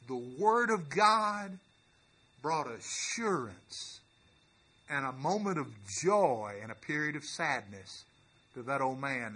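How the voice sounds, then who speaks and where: Man, pastor, sermon story, earnest, halting restarts, emphatic swells, tense bright tone. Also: mid-range voice, slightly rough. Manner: rises to emphatic preaching.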